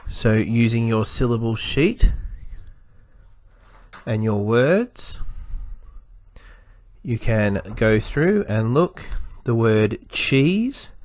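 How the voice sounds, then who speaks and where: A male teacher giving a spelling lesson to children, spelling words out letter by letter and sounding out each part slowly and carefully. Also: mid-range voice, sing-song, darkish tone, dry recording.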